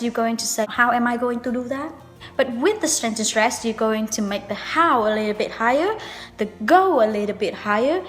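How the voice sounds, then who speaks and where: Young female English teacher, Vietnamese accent, slow and emphatic, reverberant room. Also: mid-range voice. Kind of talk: video lesson.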